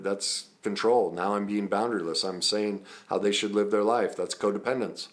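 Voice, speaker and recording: A man's voice: lowish voice, fairly even intonation, normal speed, hardly any pauses. A man, a trauma recovery coach, teaching through personal stories in an earnest, conversational way with frequent ums and self-corrections.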